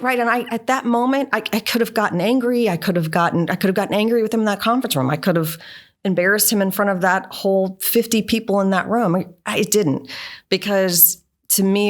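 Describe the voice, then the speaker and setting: Middle-aged woman, low-pitched, engineering leader sharing earnest workplace anecdotes with lots of "right?" tags. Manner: earnest, often ends points with "right?". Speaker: NASA engineering leader, interview guest. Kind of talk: conversational storytelling.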